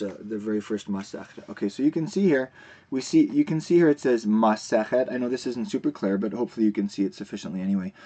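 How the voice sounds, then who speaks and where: A man teaching a recorded video lesson, explaining terms in a relaxed way with frequent fillers and restarts. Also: on the low side.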